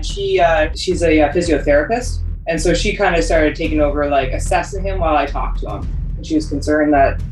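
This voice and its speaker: A woman's voice: low voice, recorded from a distance. Chatty woman in a roomy space. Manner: chatty, with many fillers. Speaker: interviewee. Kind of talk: casual storytelling.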